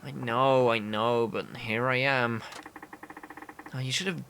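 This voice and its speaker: A man voicing a blunt, upbeat young reporter who talks quickly. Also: medium pitch, steady tone, gravelly, a bit bright, slight background noise. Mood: concerned.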